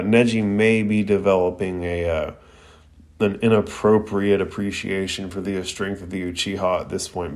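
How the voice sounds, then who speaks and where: A man's voice: deep voice, darkish tone. A young man recapping an anime episode in a laid-back, slangy podcast style, with plenty of fillers.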